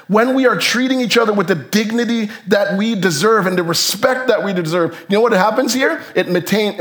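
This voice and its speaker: A man preaching a sermon as pastor, animated, his voice jumping up for emphasis and then dropping low. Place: church sanctuary.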